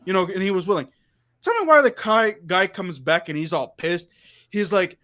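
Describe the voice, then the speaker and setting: A high-pitched man in casual livestream chat. He tells stories with animation, acting out what everyone said in reported dialogue. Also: quick pace. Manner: animated storyteller, quoting himself and others in reported dialogue. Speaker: livestream host.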